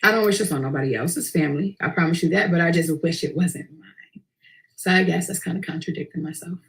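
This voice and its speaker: A woman, telling a personal story in a profane, intense and animated way. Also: lowish voice, a little fast, gravelly. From Queens, New York. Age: early 20s.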